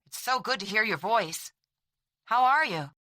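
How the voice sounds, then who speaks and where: A woman voicing an eager, brisk soldier who is the heroine's older brother. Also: medium pitch, animated, no echo, studio quality, pitched above the performer's own voice. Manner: eager, brisk, falsely bright.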